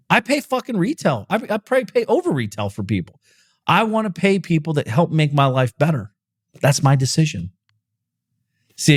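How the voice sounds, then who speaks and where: A man hosting a podcast, delivering a blunt, profane motivational monologue with lots of emphasis and repetition. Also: medium pitch. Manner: profane, emphatic, repeats himself. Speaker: podcast host. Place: podcast recording.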